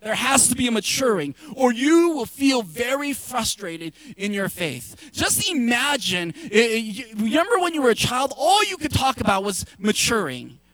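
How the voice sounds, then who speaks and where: A man preaching a sermon, passionate and emphatic, at times breaking into shouts. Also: very high-pitched, very animated, normal speed, hardly any pauses, dry recording. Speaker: pastor.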